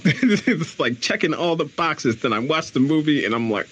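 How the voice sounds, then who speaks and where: A male podcast host leading a relaxed, conversational interview. He talks with eager enthusiasm, laughs easily, and often restarts his sentences. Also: on the high side, moderate pace, few pauses, slightly rough, poor audio.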